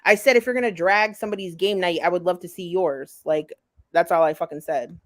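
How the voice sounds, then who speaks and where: A woman's voice: fairly low pitch, brisk. A woman on a commentary stream, reading chat messages aloud and swearing back at them indignantly. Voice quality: profane, indignant.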